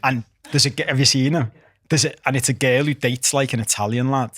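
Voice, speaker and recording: A man co-hosting a podcast, animated and sweary in rambling casual chat. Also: mid-range voice, a little fast, no room sound. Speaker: podcast co-host. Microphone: podcast microphone.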